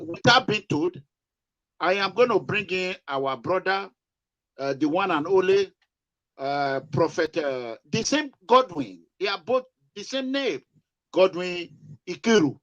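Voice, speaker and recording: A man's voice: high voice, highs cut off. Nigerian man hesitating with many fillers. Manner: hesitant, heavy use of "uh" fillers. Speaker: activist group host. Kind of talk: casual online talk.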